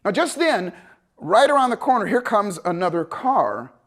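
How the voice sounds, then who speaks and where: A man telling a story as a motivational speaker, animated and conversational. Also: high voice, moderate pace. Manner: animated, conversational, acts out voices. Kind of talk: storytelling talk to an audience.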